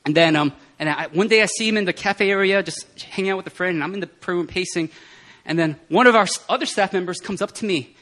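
A man speaking at a prayer meeting, telling personal testimony stories in an animated way and often laughing. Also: sits high, fast talker, few pauses. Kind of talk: testimony sermon.

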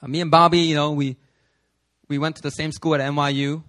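This is a pastor from New York, in his thirties, giving a church sermon in a voice on the high side, level in tone and brisk. Jokes run through his stories as he builds to loud, emphatic cries.

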